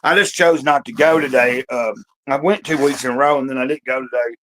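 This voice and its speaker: A man's voice: medium pitch, a little fast, fairly bright tone, slight background noise, rough recording. A man hosting a casual livestream from home, rambling and restarting his sentences, with many fillers and the odd cough. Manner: talks while eating, occasional coughs. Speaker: livestream host.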